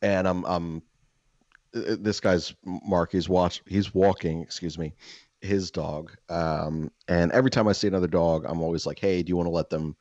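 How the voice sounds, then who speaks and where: A man's voice: sits low, fairly even intonation, moderate pace, darkish tone, no room sound, dull audio. A man co-hosting a podcast, telling crude stories in casual chat and cursing freely. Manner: crude, joking storyteller who curses freely. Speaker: podcast co-host.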